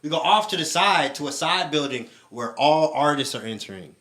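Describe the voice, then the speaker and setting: A man's voice: a little high, normal speed, heavy background noise. A man from Texas telling a story in casual chat with friends on a podcast. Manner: animated, laughing storyteller. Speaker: podcast guest.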